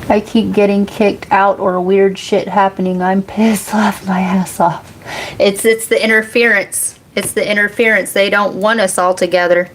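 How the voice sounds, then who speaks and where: A woman's voice: mid-range voice, a little hiss or hum. A woman, chatting casually on a livestream as a psychic reader, laughing often and cursing freely. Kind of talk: casual live chat reading comments.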